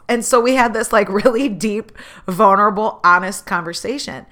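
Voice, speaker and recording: A woman tells a personal story on her own show in a candid, lively way. Her voice sits in a middle pitch. When she quotes people, she jumps into their voices. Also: normal speed. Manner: candid, animated, acts out quoted dialogue.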